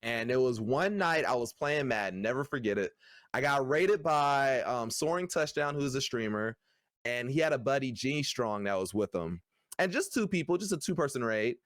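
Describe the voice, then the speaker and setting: A young man, a streamer, chatting casually and easygoing, with many pauses. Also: mid-range voice, animated, a bit bright, no echo, studio quality. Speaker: streamer, guest. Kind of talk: casual podcast chat.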